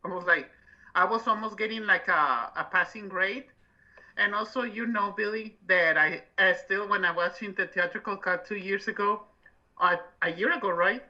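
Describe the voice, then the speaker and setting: A co-host talking casually about movies, telling lively stories about family reactions. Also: mid-range voice, moderate pace. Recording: muffled lo-fi sound.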